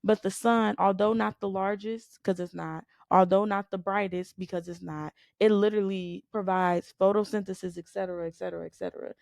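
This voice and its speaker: Emphatic woman with a gravelly voice. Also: medium pitch, fairly even intonation, brisk, few pauses, darkish tone, no echo, studio quality. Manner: emphatic, repeats "you know what I'm saying"; builds points through repetition and rhetorical questions. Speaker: podcast co-host. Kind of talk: faith-based conversational preaching.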